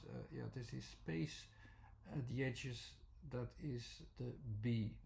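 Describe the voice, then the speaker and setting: A man talks through an explanation in an unscripted, halting way, full of fillers and restarts. His voice sits at an ordinary middle pitch with a gravelly, fry-tinged edge. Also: a little mellow, slight background noise. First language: Dutch. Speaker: teacher.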